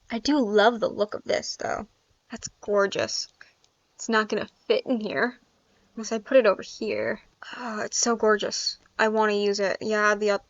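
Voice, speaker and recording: A woman's voice: mid-range voice, dry recording. A woman giving casual gameplay commentary, chatty and thinking aloud with frequent laughs. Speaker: gaming YouTuber. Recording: dry, slightly dull sound.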